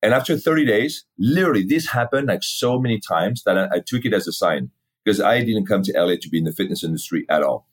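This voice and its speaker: A man's voice: fairly low pitch, expressive, fast, breathy edge. A middle-aged man, a fitness company founder, telling his story in a casual interview, candid and cursing freely while acting out old conversations. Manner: candid, swears freely, acts out past dialogue.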